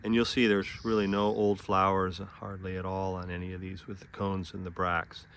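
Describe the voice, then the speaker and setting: A man with a Californian accent talks through a garden demonstration outdoors in a relaxed, plain way. His voice sits a little low. Faint outdoor noise hums in the background. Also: moderate pace. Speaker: nursery gardener.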